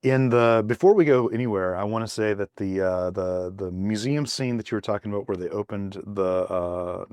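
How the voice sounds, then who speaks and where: A man with a lowish voice co-hosts a casual podcast chat. He stops and restarts often and fills the gaps with "uh" and "um". The sound is dry and close, with no room in it. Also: a little mellow, no room sound. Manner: halting, many fillers and restarts. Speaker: podcast co-host.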